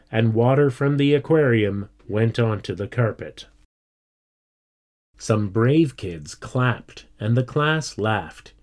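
Brief: male storybook narrator, slow, steady delivery. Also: lowish voice. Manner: slow, deliberate. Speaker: reader.

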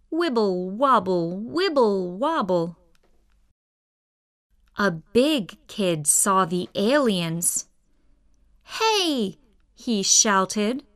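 A woman reading a children's story aloud in a careful, expressive way. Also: mid-range voice, smooth.

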